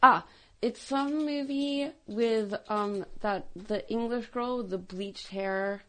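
A woman's voice: on the high side, slow pace, bright, forceful tone. A woman guest on a comedy talk show, telling stories in a chatty way. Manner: chatty storyteller. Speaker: studio guest.

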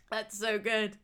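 A woman's voice: on the high side, noisy background. A woman in her forties, an actor, chatting casually and telling stories with lots of laughter. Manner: lively, laughing storyteller. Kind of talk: casual conversation.

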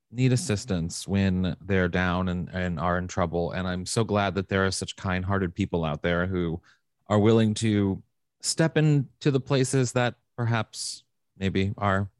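A man co-hosting a casual podcast, playful and camp, swooping high on emphasis. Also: no room sound, clean studio sound. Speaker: podcast co-host.

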